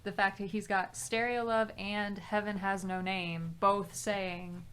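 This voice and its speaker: A woman's voice: mid-range voice, level tone, unhurried, fairly bright tone, clear, resonant tone. A woman chatting casually on a music podcast, giving blunt, exasperated criticism with lots of filler "like". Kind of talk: casual music commentary chat.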